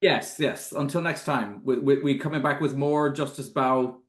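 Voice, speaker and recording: A man hosting a casual podcast, asking questions dryly and keeping his replies short. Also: medium pitch. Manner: dry, deliberate, brief replies. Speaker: podcast host. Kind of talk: casual chat. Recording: roomy echo.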